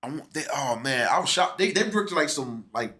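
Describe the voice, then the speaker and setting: A man hosts a casual film review chat with his sister, animatedly telling stories and acting out what people said. His husky, mid-range voice moves fairly quickly.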